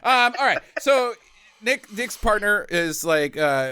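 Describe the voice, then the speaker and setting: A man's voice: sits high, very animated, takes it slowly, sharp tone, clean tone, no room sound. A man co-hosting a podcast, casually retelling movie scenes with jokes, mock voices and frequent laughter. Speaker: podcast co-host. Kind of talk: casual comedic movie review chat.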